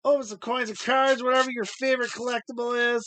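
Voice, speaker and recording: A man's voice: extremely high pitch, normal speed, hardly any pauses, pushed and bright. A man hosting a live stream, chatting casually and rambling as he thinks aloud while sorting coins.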